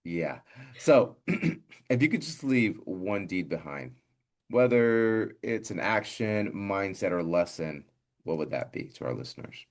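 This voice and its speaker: A man's voice: low-pitched, big pitch swings, takes it slowly. A man hosting a casual podcast interview, teasing and joking with his guest. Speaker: podcast host.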